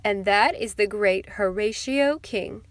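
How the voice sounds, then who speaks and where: A woman reading an audiobook, voicing a fussy, gossiping society wife who talks in a hushed, spiteful way. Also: mid-range voice, slow pace, no room sound, lightly acted.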